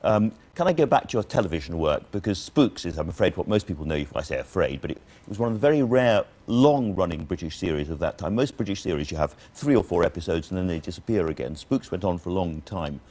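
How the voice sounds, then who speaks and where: A man's voice: low voice, expressive, fast, few pauses, a little mellow. A man hosting a television talk show, interviewing a guest in a conversational, probing way.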